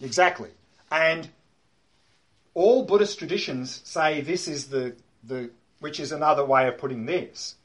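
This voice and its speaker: A meditation teacher talks to a class at a measured pace, his slightly husky voice sitting a bit high for a man. He's emphatic, repeats key words, and points to a diagram while explaining.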